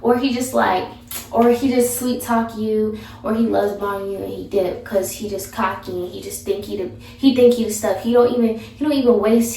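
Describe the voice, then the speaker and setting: A woman's voice: medium pitch, darkish tone. A young woman vlogger giving blunt, sassy advice in a casual, chatty way. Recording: echoey room, mic far off.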